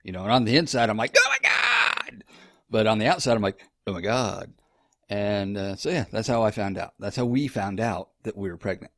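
A young man with a lowish voice tells his story in a loose, rambling way, swearing freely as he goes. The sound is close and dry, with no room around it. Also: quick pace, few pauses, no room sound. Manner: rambling, profane, conversational. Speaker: husband telling his story. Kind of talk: casual storytelling.

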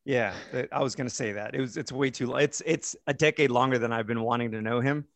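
Dude teasing his cohosts deadpan, dry close sound, mid voice. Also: medium pitch, quick pace, vocal fry, dry recording. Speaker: podcast co-host. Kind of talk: casual chat.

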